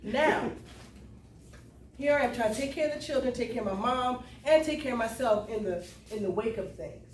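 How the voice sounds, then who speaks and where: A middle-aged Lowcountry South Carolina woman, her voice slightly high and her pace moderate, delivers an emotional testimony at a cultural event. She tells it to the live audience in a conversational Southern storytelling manner and calls out to them. The room sounds big and the mic distant, with faint room noise.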